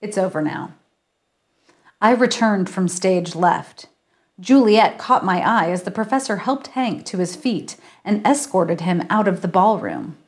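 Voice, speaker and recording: A woman's voice: medium pitch, expressive, unhurried. A woman author reading her mystery story aloud on a livestream and chatting with viewers. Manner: chatty, laughs at herself.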